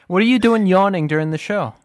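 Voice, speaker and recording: Teasing, slightly high-voiced podcast host. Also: male voice, no echo, clean studio sound. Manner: teasing, joking, swears freely. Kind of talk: casual podcast chat.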